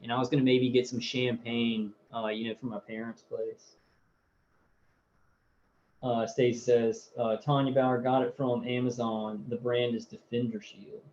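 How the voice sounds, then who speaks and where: A man hosting a casual livestream, reading viewer comments aloud between loose, hesitant asides. He talks at an ordinary middle pitch with frequent ums and restarts. The audio is muffled and lo-fi, with a faint hiss underneath. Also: level tone, measured pace, a little mellow. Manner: rambling, hesitant, many fillers.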